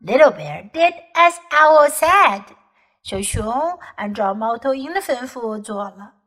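A woman teacher reading a children's picture book aloud, slow and lively for learners. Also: on the high side. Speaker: English teacher. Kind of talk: bilingual storybook reading.

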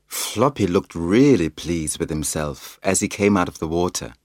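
A man reading a children's picture book aloud in a slow, expressive storytelling manner. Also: sits low, dry recording, studio quality. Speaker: storybook reader.

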